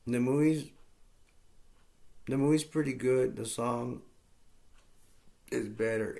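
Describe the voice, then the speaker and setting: A man's voice: mid-range voice, unhurried, vocal fry, long pauses, dark tone. A man casually recapping and reviewing a movie, rambling with lots of fillers and getting enthusiastic.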